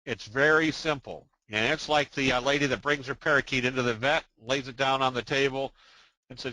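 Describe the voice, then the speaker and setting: An older man talks through a trading webinar in a loose, folksy way, full of fillers and little jokes. His voice is bright and forceful, with a dry close sound. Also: mid-range voice, steady tone, fairly quick, no room sound, rough recording. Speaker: trading presenter. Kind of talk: webinar presentation.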